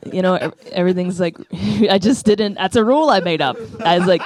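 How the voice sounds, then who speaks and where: A woman's voice: fairly low pitch, fairly quick, darkish tone. A woman, doing a rambling, self-deprecating stand-up routine into a stage mic. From the Bronx, New York. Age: 30s. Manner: rambling, self-deprecating, asks "right?" often. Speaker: stand-up comedian. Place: comedy club stage.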